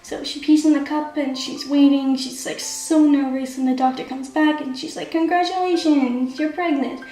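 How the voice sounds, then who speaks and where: A woman's voice: sits high, little pitch movement, normal speed, warm tone. A woman casually recapping the plot of a story she wrote, in a chatty way with lots of "like" and "kinda". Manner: chatty, constant "like" and "kinda" fillers. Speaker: amateur writer summarizing her own story. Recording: echoey room with faint background music.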